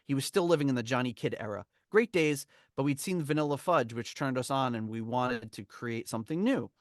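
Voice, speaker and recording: A man's voice: medium pitch, animated, a little fast, no echo, clean studio sound. A man hosting a podcast, reading from a memoir and telling the story in a rambling, chuckling way. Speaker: podcast host. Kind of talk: casual chat, reading from a memoir.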